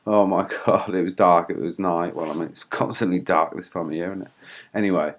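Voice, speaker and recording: A man's voice: deep voice, steady tone, a little fast. A man vlogging in a rambling, indignant way, swearing and laughing wryly between fillers. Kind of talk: casual ranting monologue.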